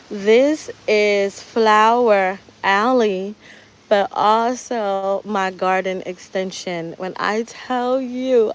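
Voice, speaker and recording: A woman's voice: medium pitch, a little hiss or hum. A woman hosting a casual live tour of her home garden outdoors, talking in a chatty, heartfelt way about prayer and gratitude while she walks with her phone. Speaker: gardening channel host.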